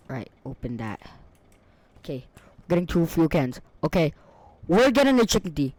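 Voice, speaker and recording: A man playing a video game and commenting on it, excitable and frantic, often shouting out in bursts and talking to himself in casual slang. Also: on the high side, normal speed, pauses often. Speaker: gaming video creator.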